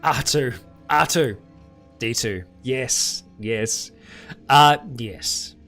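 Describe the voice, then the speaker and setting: A British man hosting a casual live-stream Q&A, chuckling often as he answers chat questions in a relaxed, rambling way. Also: medium pitch, very slow, faint music behind.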